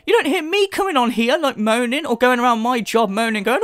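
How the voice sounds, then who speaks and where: A man's voice: very high voice, sing-song, a little fast, few pauses, a bit bright, no room sound. A man giving a sarcastic, profane reaction commentary, sounding exasperated as he rants. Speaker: commentary YouTuber.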